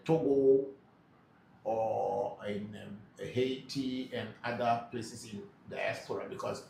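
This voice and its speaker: A mid-range male voice with vocal fry belongs to a spiritual teacher leading a live Q&A. He reads out what viewers write and responds patiently with many hesitations, recorded in an echoey room with faint noise behind him.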